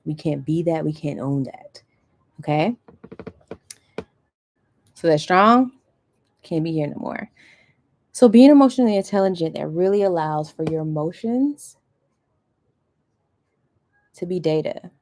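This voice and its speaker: A woman's voice: on the low side, normal speed, pauses often, a little mellow. A woman coach giving a motivational masterclass, talking animatedly, acting out quoted voices and checking in with her listeners. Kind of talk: motivational talk.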